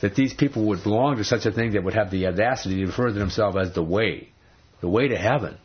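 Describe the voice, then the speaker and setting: A man's voice: on the low side, fast, slightly rough, highs cut off. A man teaching from the Bible in a conversational sermon, emphatic and full of rhetorical questions. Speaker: preacher.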